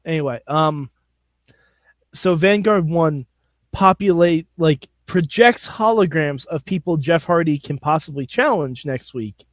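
Male podcast co-host, a bit higher pitched, lively wrestling recap, dry booth sound. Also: measured pace, no room sound. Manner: animated, laughing, jokey storytelling. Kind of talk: casual chat.

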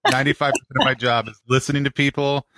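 A man interviewing a guest, calm and measured, with short affirming replies. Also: mid-range voice, noisy background. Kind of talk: casual conversational interview.

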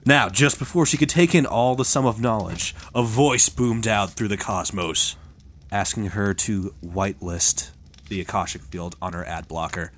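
A man co-hosting a comedy podcast, reading out a grandiose mock-epic tale and landing deadpan punchlines. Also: fairly low pitch, moderate pace, slight background noise. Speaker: podcast co-host. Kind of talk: mock-epic comic narration.

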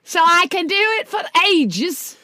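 A high, bright-voiced woman co-hosting a casual podcast. She talks in a playful, slightly scattered way, and her voice sounds clear and forward. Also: sing-song, a little slow, no echo, studio quality. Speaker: podcast co-host. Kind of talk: casual chat.

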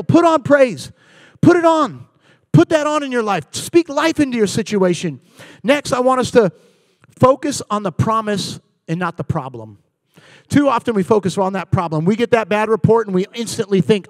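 Casting note: male pastor in his forties, high-pitched voice, dry close sound, acts out voices in his stories. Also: expressive, brisk, dry recording. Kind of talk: sermon. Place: church.

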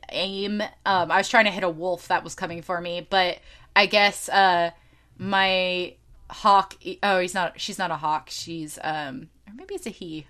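A woman hosting a podcast, telling a video game story in casual chat, animated and swearing freely, with lots of fillers. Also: medium pitch. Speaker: podcast host.

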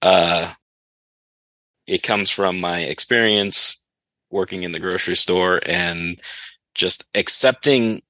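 A man's voice: low-pitched, sharp tone, no echo, poor audio. A man telling a long, rambling story on a casual podcast, laughing as he goes. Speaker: podcast guest.

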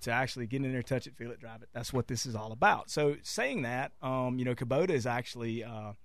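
A man sits in as a studio guest, pitching an equipment sale in a mid-range voice. He stops and restarts often as he talks. The sound is close and dry. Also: no room sound. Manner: salesy, halting with fillers. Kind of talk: casual radio interview. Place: radio studio.

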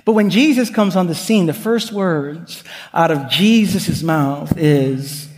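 A man's voice: sits high, lively intonation, measured pace, darkish tone. A male pastor preaching a sermon, earnest and building with repetition, weaving in personal stories. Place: church sanctuary. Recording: long hall reverb.

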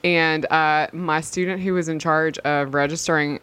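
A woman in her thirties, a podcast co-host and campus minister, chatting casually with animated, self-deprecating stories. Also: low voice, normal speed, clean tone. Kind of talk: casual chat.

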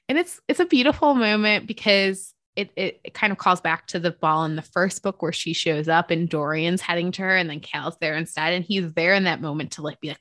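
A woman co-hosting a casual book discussion, talking in a gushing, excitable way with many fillers. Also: on the low side, a little fast, dry recording, studio quality. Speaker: book podcast co-host.

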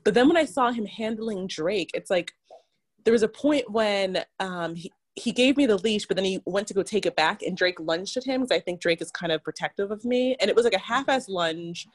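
A woman's voice: mid-range voice, normal speed. A woman telling a personal story in casual chat, full of "like" and quoted back-and-forth. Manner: chatty, fillers like "like", quotes others. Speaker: guest.

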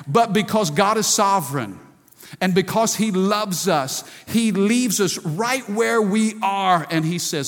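A man's voice: sits high, slow, long reverb tail. A pastor in his forties preaching a sermon, with frequent rhetorical questions calling for the congregation's response. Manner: preacherly, calls for audience response.

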